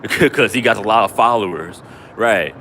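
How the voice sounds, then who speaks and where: A man's voice: on the low side, normal speed, pushed and bright, slight background noise. A man hosting a livestream, ranting in a taunting, repetitive, mocking way. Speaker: livestream host.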